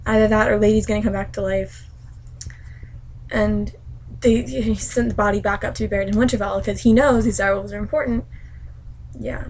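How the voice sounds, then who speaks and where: A woman's voice: medium pitch, steady tone, brisk, pauses often, a little mellow, a little hiss or hum, poor audio. A young woman at home, ranting and gushing as she recaps a book chapter in a casual vlog.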